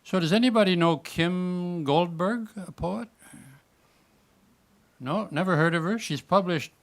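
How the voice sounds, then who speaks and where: A man's voice: high-pitched, a little slow. A man reading at an open-mic event, chatty and self-deprecating, with some hesitations. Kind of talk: casual remarks and reading a story aloud.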